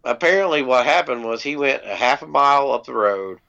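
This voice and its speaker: A man with a gravelly, low-fried voice at an ordinary pitch spins a rambling anecdote in an easygoing, profane way, dotted with ums. The audio is dull and lo-fi, like a home podcast recording. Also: animated, brisk, sharp tone. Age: adult parent. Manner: laid-back, swears freely, many ums. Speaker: podcast co-host. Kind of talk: casual storytelling chat.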